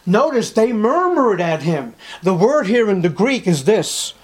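A man's voice: high voice, big pitch swings, measured pace. A male preacher giving a sermon, emphatic and repetitive, full of rhetorical questions.

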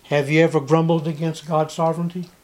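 This sermon comes from a male preacher with a fairly high, darkish voice who speaks briskly in a level tone. He is emphatic and repeats himself, using rhetorical questions to press his points.

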